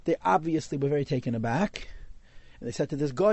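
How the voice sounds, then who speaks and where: A man's voice: on the high side, lively intonation, quick pace, darkish tone, no room sound. A man telling a Hasidic story in a class, mixing in Yiddish and Hebrew words.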